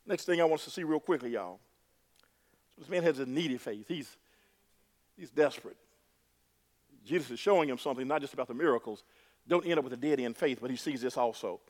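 A man's voice: medium pitch, a little fast, long pauses, darkish tone. A man preaching a sermon to his congregation, emphatic, repeating words and calling the crowd "y'all". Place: church sanctuary. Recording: long reverb of a hall.

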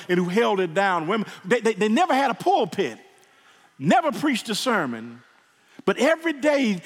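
A man preaching a sermon in a church, emotional and repeating words as he builds. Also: sits high. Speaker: pastor. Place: church sanctuary. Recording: reverberant church hall.

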